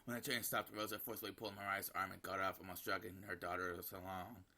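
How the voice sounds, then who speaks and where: Low creaky man reading a game aloud. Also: level tone, quick pace, sharp tone, slight background noise. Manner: reading with slips and self-corrections. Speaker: gameplay narrator. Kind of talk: reading a visual novel aloud.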